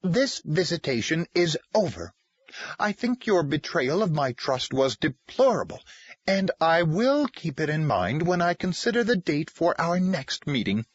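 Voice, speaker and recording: A man's voice: fairly high pitch, very animated, brisk, few pauses, breathy edge, no echo, voice pushed up. A man voicing an angry, controlling woman official who trembles with rage as she threatens. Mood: outraged. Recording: dry, slightly muffled lo-fi.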